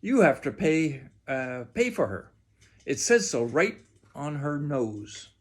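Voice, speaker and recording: A man's voice: on the high side, very animated, slow, full character voice. A man voicing a pushy, insistent store cashier.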